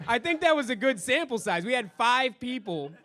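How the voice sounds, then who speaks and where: High-voiced man hosting, rambling mock-ominously. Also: big pitch swings, moderate pace, sharp tone. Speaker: podcast host. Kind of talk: live podcast banter.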